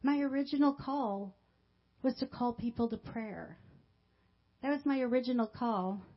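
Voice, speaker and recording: A woman pastor telling a personal testimony in a sermon, with emotional storytelling that swings from quiet to loud. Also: on the high side, measured pace, muffled recording.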